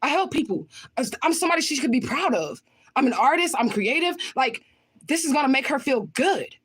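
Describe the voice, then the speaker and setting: A woman's voice: sits high, very animated, fairly quick. A woman livestreaming and answering viewer comments in a blunt, confrontational way, swearing often and repeating her points for emphasis. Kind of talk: casual livestream talk.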